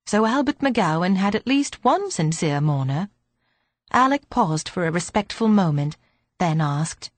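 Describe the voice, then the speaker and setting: Low-voiced woman reading an audiobook. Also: expressive, a little slow, dry recording. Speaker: audiobook narrator. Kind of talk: scripted narration.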